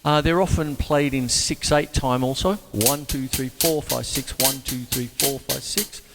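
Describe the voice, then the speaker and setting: A man teaching drums in a casual, jokey way, talking between demonstrations and breaking into sudden high exclamations. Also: steady tone, unhurried, vocal fry, loud music behind the voice. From Australia. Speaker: drum teacher and show host. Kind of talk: casual drum lesson with demonstrations. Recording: reverberant room with loud drumming behind.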